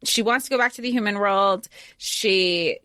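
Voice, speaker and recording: A woman's voice: medium pitch, moderate pace, no room sound. A woman co-hosting a podcast, chatting casually about books, rambling and restarting her sentences. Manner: rambling, trails off and restarts, lively quoted voices. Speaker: podcast co-host. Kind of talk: casual book chat.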